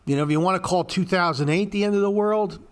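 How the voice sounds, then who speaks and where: Man, slightly high voice, casual profane market commentary with a blunt ranting edge. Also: fast. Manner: mocks panicked traders in a high squeaky voice.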